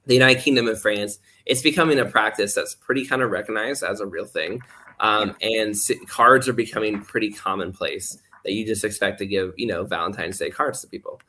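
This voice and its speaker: A man's voice: on the low side, brisk, bright, forceful tone. A man chatting as a podcast guest, rambling with lots of "like" fillers and acting out quoted voices as he explains. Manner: rambling, heavy use of "like" fillers. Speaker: guest speaker. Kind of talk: casual podcast chat.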